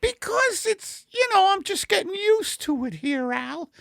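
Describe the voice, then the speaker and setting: A man voicing Margaret, a fussy, scolding middle-aged wife, in a high falsetto in an improvised comedy sketch. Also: very animated, measured pace, vocal fry, dry recording, full character voice. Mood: bickering. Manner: shrill, scolding falsetto, bursts into shouting. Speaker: comedy podcast co-host.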